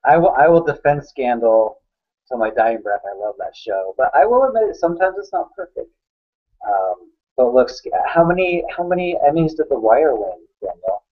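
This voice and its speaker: A man's voice: mid-range voice, sing-song, moderate pace. A man co-hosting a casual, opinionated conversation about awards contenders, talking with enthusiasm. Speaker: awards editor and co-host. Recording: dull lo-fi sound.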